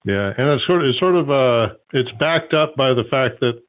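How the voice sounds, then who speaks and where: A man's voice: mid-range voice, expressive, normal speed. A man hosting a call-in show, explaining things at length with many fillers. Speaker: host. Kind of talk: call-in radio talk. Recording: phone-like narrow sound.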